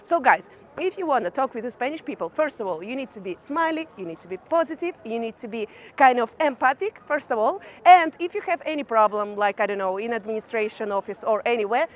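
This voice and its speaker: Young Ukrainian-accented woman, vlogger, high bright pitch, chatty and loose with fillers. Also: quick pace, few pauses. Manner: chatty, fillers like "kind of" and "you know". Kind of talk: casual talk to camera.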